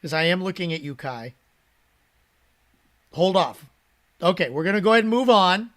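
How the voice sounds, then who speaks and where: Man, moderator, upbeat, calls on people by name, fairly high voice, video call. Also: expressive, normal speed, a bit bright. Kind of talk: casual moderating.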